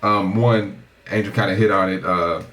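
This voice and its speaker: A man co-hosting a podcast in relaxed casual chat, laid-back and quick to laugh. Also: low-pitched. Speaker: podcast co-host.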